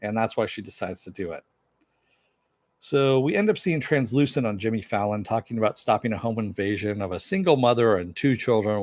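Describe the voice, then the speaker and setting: Brief: male reviewer, lowish voice, loose chatty recap, dry close mic. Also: dry recording. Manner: rambling, with many fillers; answers viewer chat. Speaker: TV show reviewer. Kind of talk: casual episode recap.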